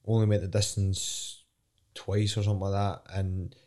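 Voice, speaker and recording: Young Scottish fighter, lowish voice, frank and meandering in a sit-down interview. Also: male voice, little pitch movement, moderate pace, dark tone. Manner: candid, rambling, swears casually. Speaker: professional fighter. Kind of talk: casual interview chat.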